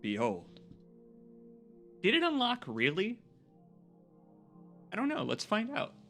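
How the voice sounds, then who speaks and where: Bright-voiced excitable male streamer. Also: slow, faint music behind. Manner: excitable, swears freely, laughs loudly, jumps to high yelps. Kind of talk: casual game stream chat.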